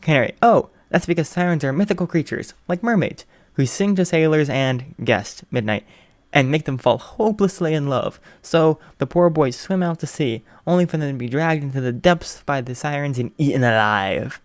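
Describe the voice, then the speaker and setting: A shy, flustered teenage boy who stammers and trips over his words, as a male reader voices him. He sounds nervous and earnest, slightly raised in pitch. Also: animated, moderate pace, no echo, lightly acted. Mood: stammering.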